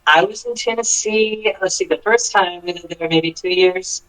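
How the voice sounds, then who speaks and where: A man's voice: high voice, moderate pace, pushed and bright, low-quality recording. A man from the United States, a country singer, talks earnestly as a guest in a casual interview, often restarting and filling with "um" and "you know". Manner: earnest, thoughtful, many restarts and fillers.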